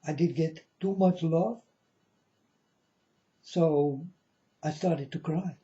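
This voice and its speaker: Slow, mellow man on a lo-fi recording. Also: on the high side. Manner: slow, repetitive, keeps asking the listener "you understand?". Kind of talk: casual spiritual monologue to viewers. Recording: dull lo-fi recording.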